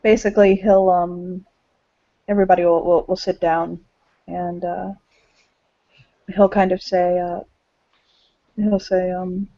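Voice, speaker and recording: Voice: medium pitch, little pitch movement, slow, pauses often, mellow, dry recording. A game master narrating a tabletop role-play, hesitant with many fillers. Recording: dull, dry lo-fi audio.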